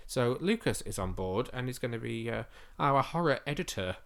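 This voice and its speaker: A man's voice: mid-range voice, lively intonation, moderate pace, vocal fry, a bit bright. A man co-hosting a podcast, chatting eagerly with lots of fillers, his voice slightly going. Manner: chatty and enthusiastic, with frequent fillers. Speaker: podcast co-host. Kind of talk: casual podcast chat.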